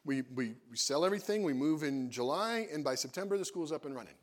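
A man sharing a mission and marriage story with his wife, in an earnest, animated way that grows lively when he quotes himself. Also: a little high, quick pace. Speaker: missionary co-host. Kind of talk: casual testimony talk.

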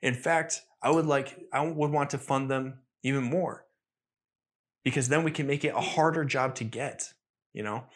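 Young male podcast host, mid-pitched, earnest solo monologue, loose and rambling. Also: fairly even intonation, moderate pace. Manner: earnest, self-critical, rambling with restarts.

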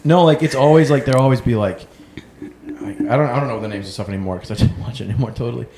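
A man's voice: medium pitch, fast talker, heavy background noise. A man co-hosting a casual comedy podcast, laughing often and acting out quoted voices. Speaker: podcast co-host.

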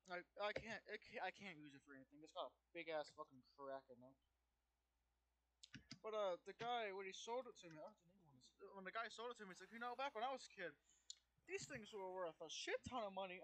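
A man's voice: high voice, expressive, fast talker, a bit bright, slight background noise. A teenage boy hosting a podcast, telling rambling, profane stories and acting out the people in them. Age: teens. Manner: rambling, profane, acts out quoted voices. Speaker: podcast host. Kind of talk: casual storytelling chat.

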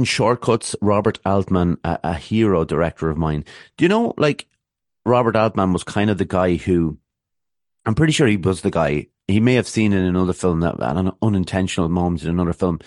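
A man's voice: sits low, a little mellow, no echo, clean studio sound. A man, hosting a podcast and chatting loosely about his favourite films, with many restarts and fillers. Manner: rambling, full of restarts and fillers. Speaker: podcast host. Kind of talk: casual film talk.

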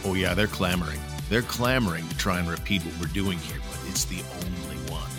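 A man's voice: low-pitched, brisk, music in the background. A man hosting a casual sports podcast, upbeat and jokey, laughing easily as he chats. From Canada. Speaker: podcast host. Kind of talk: casual chat.

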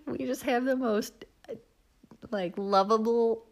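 A woman's voice: a little high, steady tone, slow. A woman with a Midwestern American accent hosting a casual solo chat, chatty and full of fillers and laughs. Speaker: podcast host.

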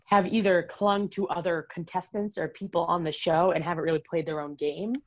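A woman chatting casually about reality TV, full of "like" and quick asides. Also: on the low side, steady tone, no echo. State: has the hiccups.

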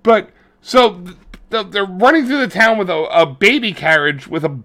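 A man co-hosting a podcast, retelling scenes in a crude, rambling, animated flow. His voice is bright and sharp, pitched a little high for a man, with a loose casual pace. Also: normal speed. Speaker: podcast co-host. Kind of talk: casual chat.

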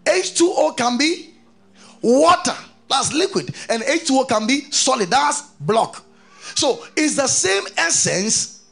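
A man preaching a sermon, reading scripture aloud and keeping on questioning his congregation in an animated way. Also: very high-pitched, creaky, breathy edge. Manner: reads scripture aloud between explanations.

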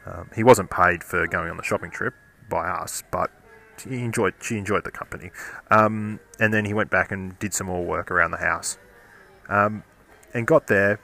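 A man tells a casual story and keeps circling back, stumbling and restarting his sentences. His voice sits a little low but sounds bright and forceful. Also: steady tone, gravelly. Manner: rambling, halting, many restarts. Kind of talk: casual anecdote.

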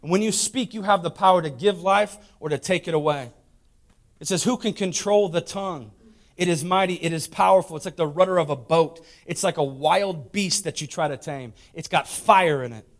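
High-voiced preacher swinging loud to hushed. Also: male voice, normal speed. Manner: swings from loud shouting to hushed, intimate delivery; emphatic, repeats lines for emphasis. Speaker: pastor. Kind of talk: sermon.

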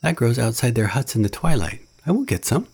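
Eager jungle boy, raised and bright over a husky base, read by a man. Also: mid-range voice, sing-song, a little fast, voice pushed up, heavily acted.

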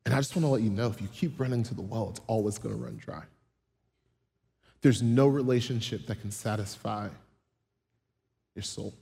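A preacher voicing Jesus as a calm, gently knowing man in a retold Bible story. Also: medium pitch, normal speed, vocal fry, pauses often, big-room sound. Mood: gentle, earnest.

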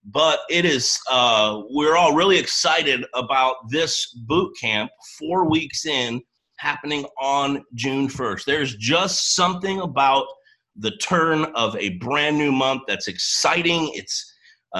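A man hosts a live boot camp session for his team, talking fast and excitedly and rambling from thought to thought. His voice sounds bright and forceful, with a touch of early-morning roughness. He jumps eagerly between topics. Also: on the high side, low-quality recording. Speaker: host of a coaching boot camp. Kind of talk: upbeat livestream talk to a team.

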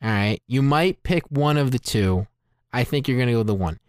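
A man co-hosting a casual movie podcast. He retells film scenes with animated energy and fills his sentences with "like.". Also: medium pitch, a little fast, clean tone, dry recording, studio quality. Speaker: podcast co-host, movie reviewer.

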